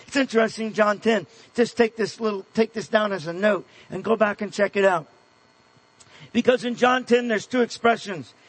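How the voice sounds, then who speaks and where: Male preacher, high husky voice, earnest sermon delivery with hushed asides. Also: rough recording. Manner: earnest preaching, dropping to a hush for tender points.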